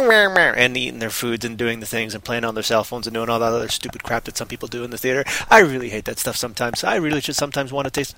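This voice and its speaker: A tired man rambling on a casual podcast, goofy, with sudden loud silly outbursts. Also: medium pitch, no echo. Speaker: podcast co-host.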